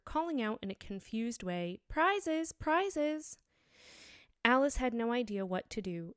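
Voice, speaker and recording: A woman narrating a storybook aloud in a measured, expressive reading. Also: medium pitch, clear, resonant tone, no room sound, clean studio sound.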